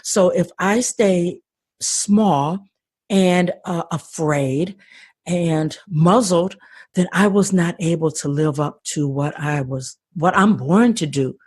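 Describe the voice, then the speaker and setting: An older woman speaks as a podcast guest in a conversational interview, her voice lowish, darkish and husky, her pace slow. She talks earnestly and with passion, often repeating words as a thought gets going. There is no room sound.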